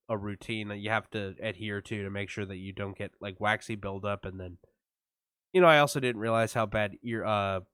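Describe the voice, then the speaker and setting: A lowish, clear, resonant voice belongs to a man co-hosting a podcast, recorded dry at studio quality. Still numb-mouthed after dental work, he chats casually, telling a story packed with swearing and acted-out voices.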